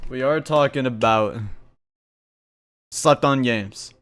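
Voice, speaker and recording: A man's voice: medium pitch, slow pace, fairly bright tone, a little hiss or hum. A man hosting a podcast in casual chat, playful and teasing while he steers the topic. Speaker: podcast host.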